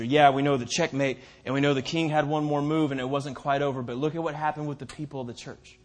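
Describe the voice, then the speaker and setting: High-voiced preaching man, dramatic swings. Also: a bit bright. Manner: slows right down to stress key phrases. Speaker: pastor. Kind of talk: sermon.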